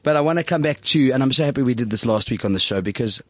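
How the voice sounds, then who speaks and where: A man with a South African accent hosts a radio show in a dry studio. His voice sits mid-range with a slightly husky edge. He talks in a camp, theatrical way and giggles through playful banter. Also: mid-range voice, animated, very fast, no echo. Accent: South African English.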